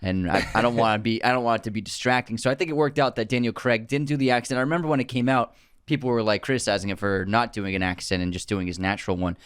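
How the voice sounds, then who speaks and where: A man's voice: mid-range voice, fast, fairly bright tone, clear, resonant tone, no room sound, clean studio sound. A man co-hosting a film podcast, chatting casually about a movie and often restarting his sentences. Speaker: podcast co-host.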